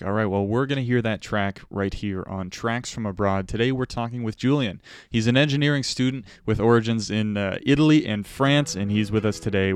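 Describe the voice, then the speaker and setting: A man hosting a radio music show, announcing and interviewing in a steady, scripted way. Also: fairly low pitch. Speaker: radio host.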